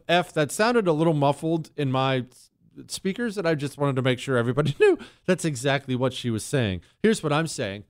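Animated male talk radio host. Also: a little high. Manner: animated, emphatic, jokey. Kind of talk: opinionated talk radio with ad reads.

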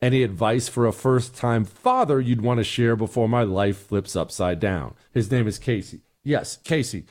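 A man's voice: medium pitch, normal speed, few pauses, darkish tone. A middle-aged man hosting a talk show, giving blunt, exasperated opinions and answering listener emails.

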